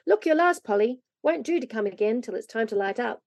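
A steady, practical older brother, as a woman reads him, calm and matter-of-fact. The sound is dry and close. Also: fairly high pitch, a little fast, gravelly, dry recording.

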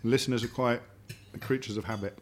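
Seated at a home dinner table, a middle-aged guest tells stories in a mid-range voice that is steady in tone and fairly quick. It's casual chat, and he frequently repeats words while gathering his thoughts.

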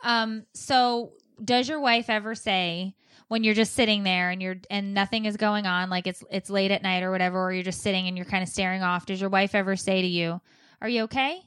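A woman's voice: mid-range voice, flat delivery, brisk, fairly bright tone, clean tone, no echo. Playful woman hosting a chat. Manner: playful, laughing, acts out quoted dialogue. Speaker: host. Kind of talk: casual chat.

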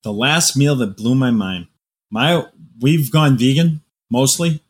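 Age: adult. Sex: man. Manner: animated storyteller. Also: mid-range voice, takes it slowly, a little hiss or hum. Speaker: novelist guest. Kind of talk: casual podcast conversation.

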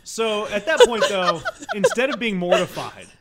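Male podcast guest, higher-than-average voice, lively storyteller who performs the quotes. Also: normal speed, heavy background noise. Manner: acts out quoted voices, swings loud and soft. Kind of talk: animated comic storytelling.

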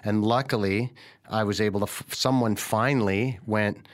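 A man speaks in a casual podcast conversation, his voice sitting a little low. He is frank and earnest, drops swear words freely, and slips into other people's voices when he retells what they said. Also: fairly even intonation, moderate pace. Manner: candid and earnest, swears freely, acts out quoted speech.

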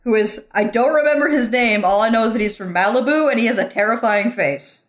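A woman's voice: fairly high pitch, a little fast. A woman co-hosting a podcast, giving wry, dry commentary on a cartoon episode. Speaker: podcast co-host. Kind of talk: casual chat.

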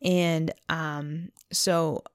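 A woman's voice: deep voice, little pitch movement, extremely slow, no echo, clean studio sound. A woman co-hosting a faith podcast, telling a long story in a rambling way and saying "like" constantly. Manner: rambling storytelling, heavy use of "like". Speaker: podcast co-host.

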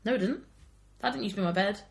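A woman's voice: medium pitch, quick pace, vocal fry. A woman, co-hosting a podcast in casual, self-deprecating chat. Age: 20s. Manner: chatty, self-deprecating, laughs often. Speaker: podcast co-host.

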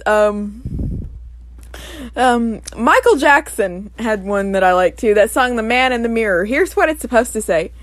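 A woman's voice: fairly high pitch, no room sound. A woman hosting a casual solo podcast, playful and jokey, often breaking into giggles. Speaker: podcast host.

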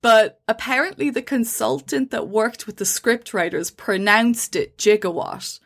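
A woman's voice: a little high, measured pace, gravelly, fairly bright tone. A woman co-hosting a casual podcast, explaining science at length with fillers and restarts. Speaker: podcast co-host.

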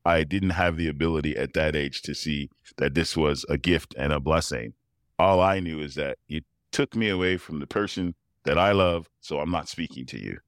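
Deep-voiced man telling lively stories. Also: moderate pace, dry recording, studio quality. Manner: animated storyteller who acts out quoted voices and laughs often. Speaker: interview guest, professional tuba player. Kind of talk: storytelling in a casual interview.

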